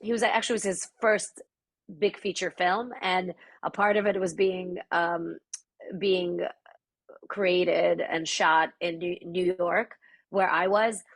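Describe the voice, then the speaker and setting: A woman's voice: fairly low pitch, steady tone, slow. A woman from the Soviet Union whose first language is Russian, a podcast guest speaking in a thoughtful, searching way. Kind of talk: reflective conversational interview.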